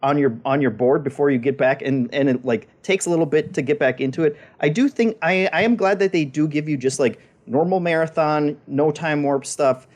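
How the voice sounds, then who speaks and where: A man's voice: fairly high pitch, a little fast, few pauses, a little mellow. A man co-hosting a games podcast, talking casually and often repeating words as he thinks. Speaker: podcast co-host. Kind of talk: casual chat.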